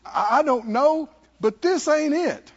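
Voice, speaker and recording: High lively preacher man. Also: slow pace, muffled recording, a crowd in the background. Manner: repeats phrases, asks the audience questions. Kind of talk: sermon.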